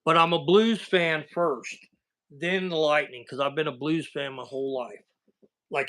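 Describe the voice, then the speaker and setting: A man's voice: a little high, bright, forceful tone. A man with a Southern American accent hosting a casual livestream chat, telling rambling, folksy stories over a video call. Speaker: livestream host.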